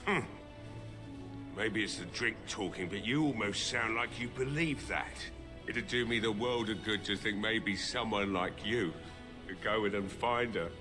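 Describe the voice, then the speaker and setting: An actor playing a grieving old village blacksmith who is gruff and drinking, in a fantasy video game. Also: male voice, on the low side, measured pace, music in the background, natural voice. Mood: weary. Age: older.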